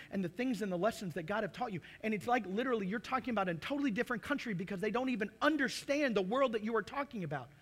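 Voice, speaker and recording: A man in his forties preaching with lively, playful energy. His voice sits high for a man and rings bright and forceful. He slips into acted-out asides and jokes as he goes. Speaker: pastor. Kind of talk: sermon.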